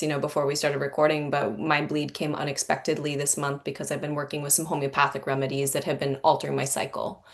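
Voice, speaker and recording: A woman hosting a podcast, telling a personal story in an earnest, candid way, with many "like" fillers. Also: low-pitched. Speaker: podcast host. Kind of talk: reflective conversational storytelling.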